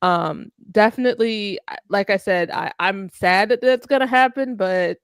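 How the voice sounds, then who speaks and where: A woman's voice: mid-range voice, normal speed, smooth, no room sound, studio quality. A woman co-hosting a casual group chat, rambling and trailing off mid-thought.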